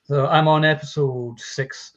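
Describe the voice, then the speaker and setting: A man co-hosting a casual film chat, talking in an animated way with lots of fillers and the odd swear word. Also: a little high, measured pace, dull audio. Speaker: podcast co-host. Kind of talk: casual chat about films.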